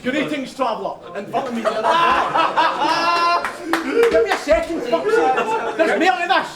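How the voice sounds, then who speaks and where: A Scottish battle rapper delivers crude, taunting bars in a live rap battle at a large venue, often laughing at his own lines. His voice is extremely high-pitched, expressive and slow, and the echoey hall carries a loud crowd.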